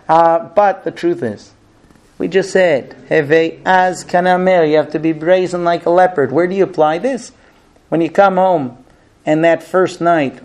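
A man teaching grooms about marriage in a lively, humorous lecture, acting out bits of dialogue and using many fillers. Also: a little high. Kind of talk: lively lecture to a small class. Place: room with a live audience.

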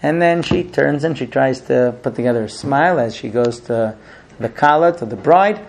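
A man telling a story in a lively, animated way, often slipping into his characters' voices. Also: medium pitch, moderate pace, vocal fry.

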